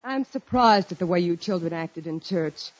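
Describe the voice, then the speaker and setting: An actress playing a gently scolding, practical wife and mother in a 1940s radio comedy. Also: fairly low pitch, lively intonation, normal speed. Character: patient, scolding housewife and mother. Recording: muffled old radio recording with hiss.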